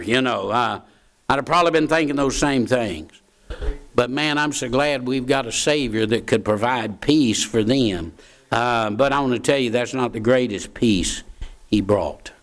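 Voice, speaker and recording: A man's voice: medium pitch, a bit bright. A man preaching a sermon in a folksy way, repeating key phrases for emphasis.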